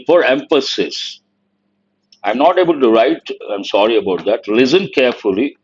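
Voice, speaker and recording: Teacher explaining vocabulary. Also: male voice, mid-range voice, dull audio, a little hiss or hum. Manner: explains word meanings and asks the class questions. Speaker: exam-prep English teacher. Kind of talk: explaining an editorial to students.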